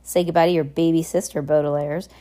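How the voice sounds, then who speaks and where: A woman voicing a cruel, boastful adult male villain in a storybook, barking orders and gloating in a low, mellow voice. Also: little pitch movement, fast, natural voice. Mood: ranting.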